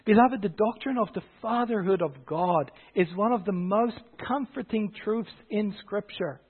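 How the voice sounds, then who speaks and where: A man with a high-pitched voice preaches earnestly, pushing harder on the phrases that matter. The sound is thin and tinny, like it came through a phone line. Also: normal speed, husky. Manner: earnest preaching, swelling louder on key phrases. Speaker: pastor. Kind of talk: sermon.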